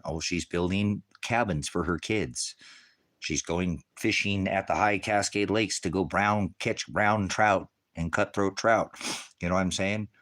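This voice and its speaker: American man, off-grid preacher type, low voice, profane heated rants with shouting bursts. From United States. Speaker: ministry channel host. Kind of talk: profane off-grid rant to viewers. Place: rural off-grid homestead.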